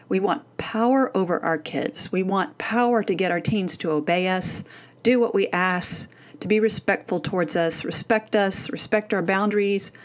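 A middle-aged woman with a mid-range voice presents a parenting course, telling a personal story in a scripted, animated way. She leans hard on key words.

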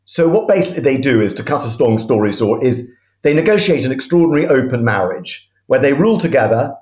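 Guy telling history stories all excited, middle pitch, kinda roomy sound. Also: quick pace. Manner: animated, enthusiastic storyteller with frequent restarts. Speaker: historian guest. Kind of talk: storytelling history talk.

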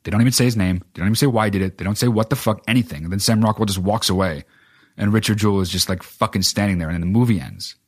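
A man with a low, husky voice rants about films on a solo podcast. He swears freely and rambles, leaning on filler words as he goes. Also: rapid-fire, no echo, studio quality. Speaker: podcast host. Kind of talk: casual solo film rant.

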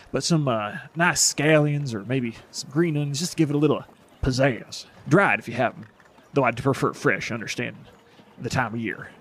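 Man playing Bartholomew, a flattering haggler. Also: a little high, close to an everyday voice. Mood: bargaining. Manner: oily flattering salesman patter. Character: smooth-talking flattering male cook bargaining.

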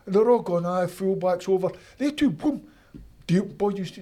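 A Scottish man, a former footballer, telling animated stories from his playing days in an interview, acting out his old coaches. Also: sits high, a little fast. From Scotland. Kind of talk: storytelling interview.

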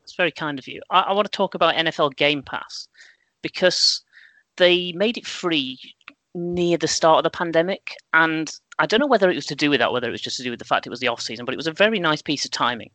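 A man's voice: fairly high pitch, quick pace, sharp tone, dry recording, low-quality recording. A man on a podcast panel, telling wry, self-deprecating anecdotes.

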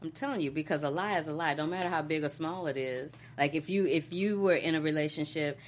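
A woman co-hosting a TV recap show in casual chat. She is animated and laughs often. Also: sits low, fast, a little hiss or hum. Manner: animated, laughs often, acts out characters' lines.

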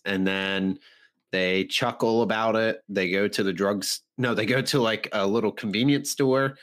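A man's voice: low voice, fairly bright tone. Man rambling through a plot recap. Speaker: podcast co-host. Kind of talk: casual movie review chat.

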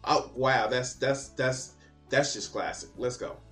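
Male reaction commentator, bright forceful voice, sarcastic and profane, exasperated delivery. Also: medium pitch, steady tone, a little slow, faint music behind. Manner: mocking, exasperated, swears a lot.

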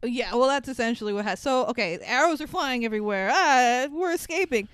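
A woman's voice: a little high, expressive, fairly quick, fairly bright tone, clean tone, no echo. A woman co-hosting a podcast, casually recapping a movie, laughing often and swearing while acting out bits in quotes. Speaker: podcast co-host.

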